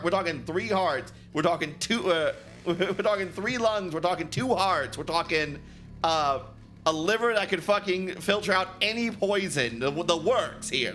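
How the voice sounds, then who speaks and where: A man's voice: high-pitched, a bit bright. A man streaming a game from home on a headset, rambling casually, swearing and laughing often. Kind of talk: casual gaming stream chat.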